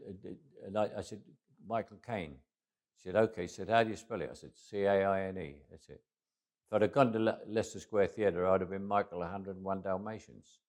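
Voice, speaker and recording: Deep-voiced man in his eighties, anecdotal interview storytelling, stumbling restarts, endings that drop away softly. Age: 80s. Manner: repeats words at restarts, trails off quietly at phrase ends.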